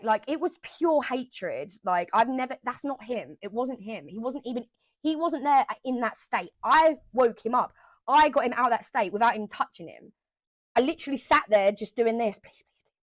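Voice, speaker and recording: A woman vlogger telling a personal story straight to camera, emotional and animated, repeating herself for emphasis and swearing now and then. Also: on the high side, moderate pace, no echo.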